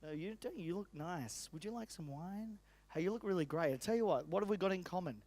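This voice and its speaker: A man acting out a smooth-talking male wine seller who flatters the customer before the sale. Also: high voice, brisk. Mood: coaxing. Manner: wheedling, flattering.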